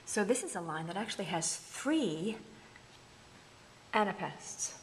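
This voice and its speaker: A woman's voice: medium pitch, sing-song, unhurried, a little hiss or hum. A woman teaching a university English lesson, explaining verse rhythm and chanting stress patterns aloud. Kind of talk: recorded lecture.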